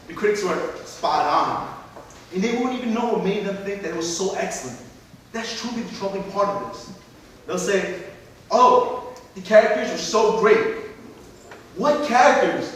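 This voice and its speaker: A man's voice: sits high, a bit bright. An actor playing an indignant male film snob who rants and swears at a stage reading, recorded from far off in an echoey hall. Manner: indignant, ranting, profane. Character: scornful male film snob ranting after a screening. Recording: echoey hall, mic far off, faint hiss.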